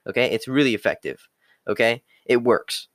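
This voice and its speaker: A man's voice: mid-range voice, expressive, normal speed, fairly bright tone, dry recording, studio quality. A young man giving a blunt, profane motivational rant, repeating catchphrases like okay and the hard truth. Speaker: self-improvement talker.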